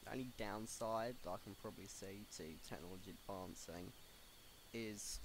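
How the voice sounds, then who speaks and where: A man's voice: lowish voice, fairly even intonation, moderate pace. Rambling young man podcasting. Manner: rambling, many fillers and restarts. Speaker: podcast host. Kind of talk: casual solo podcast chat. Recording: faint background noise.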